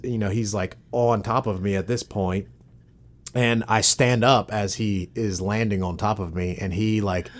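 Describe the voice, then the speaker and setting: Joking man telling a story, low voice. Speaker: podcast co-host. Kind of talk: casual chat, storytelling.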